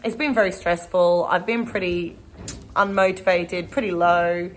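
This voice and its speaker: A woman's voice: fairly low pitch, fairly even intonation, a little slow, slight background noise. Chatty woman vlogging. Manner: chatty and rambling. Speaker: horse trainer. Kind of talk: casual vlog talk to camera. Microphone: camera.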